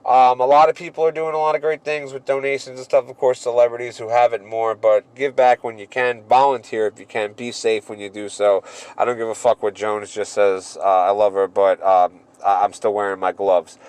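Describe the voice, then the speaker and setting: A man in his thirties co-hosting a casual podcast, telling stories in a profane, animated way. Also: lowish voice, a little fast, clear, resonant tone. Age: 30s. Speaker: podcast co-host.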